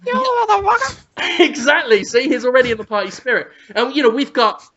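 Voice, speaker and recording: A woman co-hosting a podcast, playfully spinning an absurd scenario and acting out sounds and shouts. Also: fairly high pitch, quick pace, background noise. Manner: teasing, spins an absurd scenario, acts out sounds. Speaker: podcast co-host. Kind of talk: playful comic storytelling. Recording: slightly muffled podcast audio.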